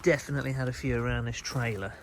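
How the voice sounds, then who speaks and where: A man's voice: mid-range voice, steady tone, fast, background noise. Chatty man outdoors at night. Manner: chatty, wry, fond of mild swearing. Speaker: host. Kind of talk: casual outdoor commentary.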